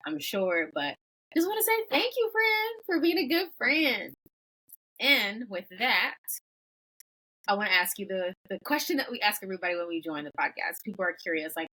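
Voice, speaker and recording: A woman's voice: on the low side, sharp tone, rough recording. A woman hosting a podcast, bubbly and enthusiastic in casual chat. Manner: bubbly, enthusiastic, uses fillers. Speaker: podcast host.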